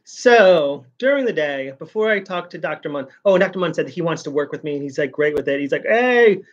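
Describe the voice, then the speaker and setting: A man's voice: a little high, fast talker, highs cut off. A man vlogging in a casual, rambling way, venting his frustration and repeating words as he goes.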